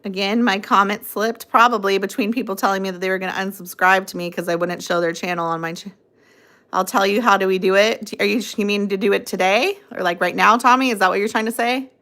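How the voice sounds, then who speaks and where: A woman's voice: mid-range voice, fairly even intonation, fast, sharp tone. A young adult woman hosting a casual phone livestream, rambling, reading out viewer comments and cooing at her dog. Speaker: livestream host.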